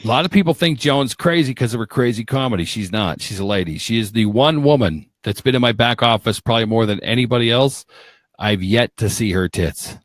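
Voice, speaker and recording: A man's voice: mid-range voice, expressive, fairly quick, no room sound. A middle-aged man hosting a casual live talk show over a video call, rambling and joking as he talks over his guests. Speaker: host.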